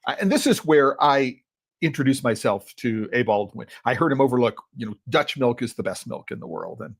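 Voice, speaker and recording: A man's voice: medium pitch, expressive, brisk, creaky, slightly rough. Rambling man thinking aloud. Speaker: chocolate critic and podcast host. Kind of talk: solo podcast tasting talk. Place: his office at a computer.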